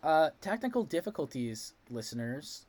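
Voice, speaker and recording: Man, podcast host, slightly high pitch, casual, animated, joking. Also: normal speed. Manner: animated, jokey storyteller who slips into quoted voices. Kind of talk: casual chat recapping a play.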